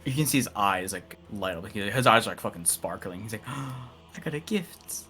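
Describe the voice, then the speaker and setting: A man with a bright, forward voice narrates as game master in a tabletop game. His telling is casual and loose, full of "like" and "you know.". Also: fairly low pitch, fairly quick, soft background music.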